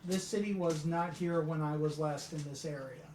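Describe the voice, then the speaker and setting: A woman's voice: low-pitched, normal speed, darkish tone. A woman speaking as her character in a tabletop game, earnest and formal in tone. The room around her is echoey, with a faint hiss of noise. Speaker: player.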